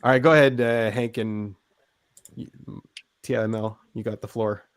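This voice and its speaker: A man's voice: lowish voice, steady tone, normal speed, clear, resonant tone, dry recording. A man casually hosting an online group call, welcoming people in an easygoing way. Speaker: host.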